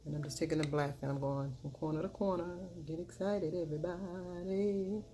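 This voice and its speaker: A woman's voice: quick pace, slight background noise. A woman beauty vlogger talking through a makeup tutorial in a casual chat, often murmuring as she works and repeating catchphrases. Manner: repeats catchphrases, bursts into loud excited chanting; low murmured narration while working.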